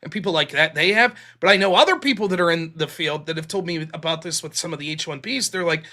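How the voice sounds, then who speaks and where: A man with a high, bright voice hosts a political call-in show, talking fast in loose, unscripted stretches. He swears freely and rambles through stories retelling what others said, keeping things conversational.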